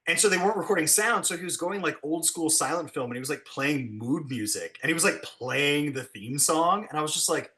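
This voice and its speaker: This is a man chatting through behind-the-scenes stories from his work as a special effects blacksmith. His voice sits a little high and sounds bright and forward. He keeps things lively, and he performs the quotes with big leaps in pitch. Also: fairly quick, few pauses. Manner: animated, acts out quotes with big pitch jumps. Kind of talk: casual storytelling.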